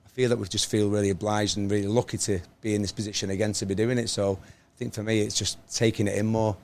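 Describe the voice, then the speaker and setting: A man with a Liverpool accent talks as a guest, thoughtful and earnest. His voice sits a little low. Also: little pitch movement, fast, darkish tone. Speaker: band member guest. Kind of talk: casual chat.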